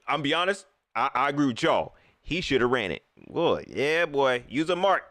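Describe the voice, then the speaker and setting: A man's voice: mid-range voice, sing-song, unhurried, a bit bright, dry recording. A young man hosting a live postgame stream. He vents in heated, slangy talk, repeating himself and mocking the quotes he reacts to. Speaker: livestream host.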